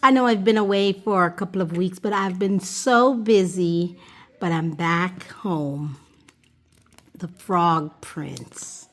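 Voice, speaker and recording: A woman reading a children's fairy tale aloud in an expressive, sing-song way, as the host of a storytime channel. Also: on the low side, slow pace.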